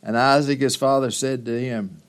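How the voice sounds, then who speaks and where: A man's voice: mid-range voice, fairly even intonation, normal speed, clear, resonant tone. A male pastor preaching a sermon, retelling scripture in a dramatic storytelling manner with rising emphasis.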